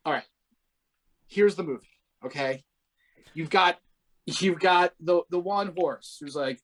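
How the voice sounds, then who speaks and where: High-voiced rambling Baltimore man. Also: measured pace, long pauses, a bit bright. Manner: rambling, jokey, full of "like" and restarts. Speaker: podcast co-host. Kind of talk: casual comedic chat.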